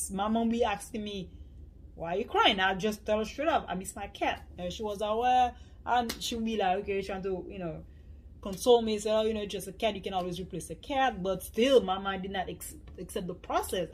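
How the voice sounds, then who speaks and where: A woman speaking frankly to the camera in a personal vlog, in an everyday mid-range voice. She rambles and circles back to the same points, and short laughs break into her sentences. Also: mid-range voice. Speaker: vlogger.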